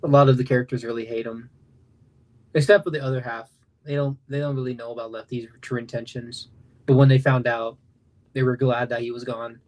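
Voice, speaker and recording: Young man, late teens, casual stream chat, rambling, mid-pitched voice. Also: flat delivery, brisk, a little mellow. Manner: rambling, loose, self-interrupting. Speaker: animation creator.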